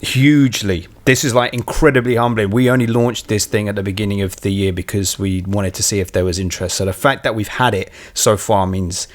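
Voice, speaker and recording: A man's voice: lowish voice, steady tone, fairly quick, hardly any pauses. A man co-hosting a casual film podcast, talking emphatically with frequent swearing and jokes. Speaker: podcast co-host.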